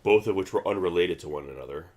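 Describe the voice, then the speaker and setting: A man's voice: low voice, quick pace, darkish tone. A man hosting a casual movie commentary, rambling with many restarts and fillers. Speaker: film commentary host.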